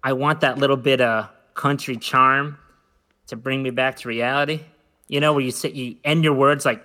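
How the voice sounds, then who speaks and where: A man's voice: medium pitch, steady tone, normal speed, sharp tone. A man co-hosting a casual podcast chat, rambling and joking playfully. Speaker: podcast co-host.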